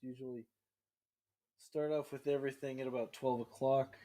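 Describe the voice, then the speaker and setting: A man's voice: medium pitch, little pitch movement, normal speed, dark tone. A man casually showing off his home recording gear in a rambling, easygoing way. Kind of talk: casual show-and-tell chat. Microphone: webcam.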